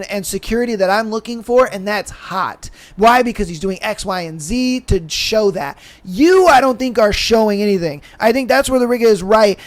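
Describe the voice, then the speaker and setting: A man hosting a podcast, frank and emphatic in casual chat. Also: very high voice. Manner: emphatic, frank, says bro a lot. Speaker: podcast host.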